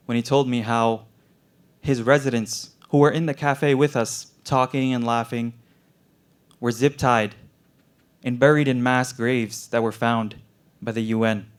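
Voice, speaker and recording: A man's voice: mid-range voice, clean tone. A young man, a medical student, performing an earnest, emotionally intense spoken word story. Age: young adult.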